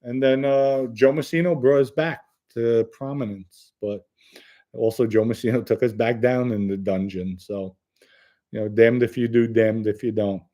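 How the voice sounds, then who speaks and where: Brief: New man hosting a live chat, plain-spoken and blunt, middle-pitched voice. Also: steady tone, normal speed, dark tone. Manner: blunt, matter-of-fact, reads chat comments aloud. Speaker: host answering viewer questions. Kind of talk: casual live-stream chat.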